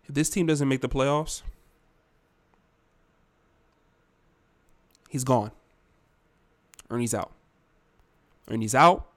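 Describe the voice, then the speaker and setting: A man's voice: medium pitch, unhurried, lightly acted. A man voicing a male team owner who earnestly pleads with and makes promises to his star player. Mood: bargaining.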